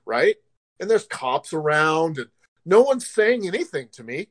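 Man, higher-pitched, cussing casual storyteller who acts out the voices loudly. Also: moderate pace. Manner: animated, swearing, laughing, acting out quotes loudly. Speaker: podcast co-host telling a story.

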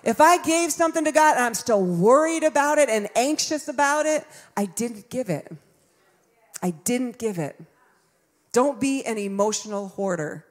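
A woman in her fifties preaches with a fairly high voice. She keeps it conversational, slipping into acted-out voices and quick laughs as she tells the congregation stories. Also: expressive. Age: 50s. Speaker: pastor. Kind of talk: sermon.

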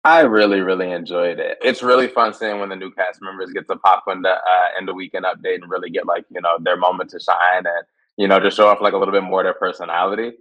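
Lower-voiced chatty panelist man. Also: fairly even intonation, quick pace, fairly bright tone, rough recording. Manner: enthusiastic, many fillers. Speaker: podcast panelist. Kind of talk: casual chat.

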